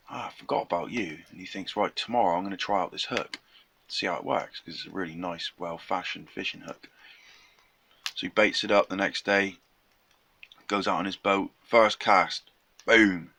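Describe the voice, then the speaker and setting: A man's voice: low-pitched, sharp tone. Chatty man telling a folk tale. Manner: chatty, slangy retelling with quoted voices. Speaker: storyteller.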